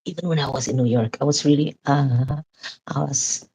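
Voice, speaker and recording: A woman's voice: extremely low pitch, fairly even intonation, moderate pace, warm tone, slightly rough, low-quality recording. A woman vlogger chatting casually, laughing as she talks and often restarting her sentences. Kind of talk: casual chat.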